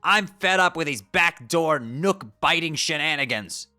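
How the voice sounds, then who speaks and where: A man voicing an angry young male troll who rants loudly and sounds exasperated. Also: a little high, lively intonation, measured pace, faint music behind, pitched above the performer's own voice, full character voice. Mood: ranting. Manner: ranting, loud and exasperated.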